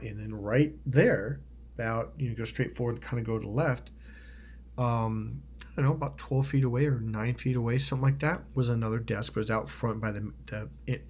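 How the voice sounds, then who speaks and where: A man's voice: medium pitch, a little hiss or hum. A man telling a personal story in a rambling monologue, restarting often, swearing casually and acting out what others said. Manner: acts out quoted voices loudly. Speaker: motivational video host.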